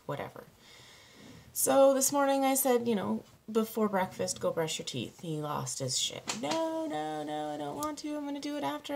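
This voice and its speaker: A woman in her thirties, a parenting coach, talking candidly to camera, halting and close to tears. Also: deep voice. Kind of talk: personal vlog monologue.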